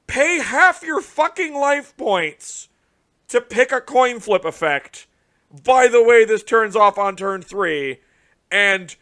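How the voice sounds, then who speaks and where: A young card game content creator with a high voice gives casual, profane reaction commentary on a card game release. He rants in exasperation, breaking into sudden loud outbursts.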